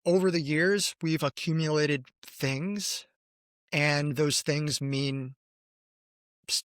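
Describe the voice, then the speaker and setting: Measured, thoughtful man designer. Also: a little high, a bit bright, dry recording. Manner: measured, thoughtful, a little hesitant. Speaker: designer, podcast co-host. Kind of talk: casual chat.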